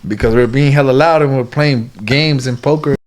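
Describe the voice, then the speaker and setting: A man, a guest in a casual interview, telling stories in an animated way, full of "like" and "you get what I'm saying". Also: medium pitch, a little fast.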